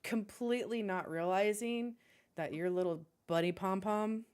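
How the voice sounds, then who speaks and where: A young woman running a tabletop game as game master, animated and often breaking into laughter. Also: medium pitch, unhurried, clean tone.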